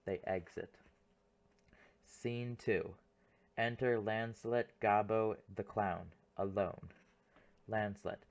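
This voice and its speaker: A man reading stage directions for an audiobook in a plain, unhurried way. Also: fairly low pitch, steady tone, gravelly. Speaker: audiobook reader.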